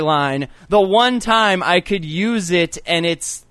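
A man co-hosting a podcast in a loud, joking, profane casual chat. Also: high-pitched, lively intonation, slow, smooth, no room sound. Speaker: podcast co-host.

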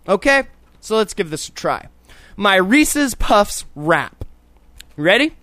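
A man's voice: sits high, sing-song, takes it slowly, pushed and bright, dry recording. A man hosting a talk show, sarcastic and profane, joking crudely through the news. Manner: profane, sarcastic, mock-indignant. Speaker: podcast host.

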